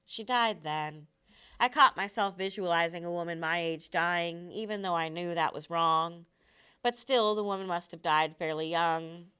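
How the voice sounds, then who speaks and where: A woman teacher reading a novel aloud to her students with steady, expressive storytelling. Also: fairly low pitch, moderate pace, clean tone.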